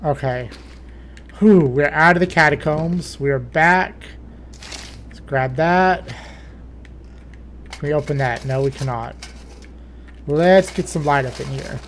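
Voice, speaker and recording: A man's voice: a little high, takes it slowly, pauses often, slight background noise. Jittery man talking through a horror game. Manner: nervous running self-talk, jumpy exclamations. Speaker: gaming let's player.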